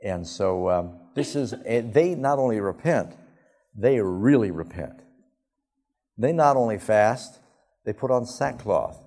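A male pastor preaching a sermon, telling the story emphatically and with sudden rises in pitch. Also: animated, measured pace, dark tone. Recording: long hall reverb.

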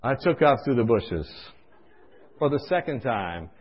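A man preaching through a comic personal story, animated and acting out scenes, in a dull lo-fi recording. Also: medium pitch, a little slow, slightly rough. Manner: animated, comic, acts out voices.

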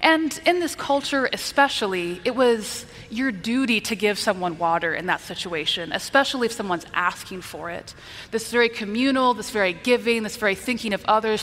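A woman's voice: medium pitch, brisk, a bit bright, big-room sound, a little hiss or hum. A woman preacher giving a conversational Bible teaching, explaining and checking in with her listeners. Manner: explanatory, asks the listeners "right?".

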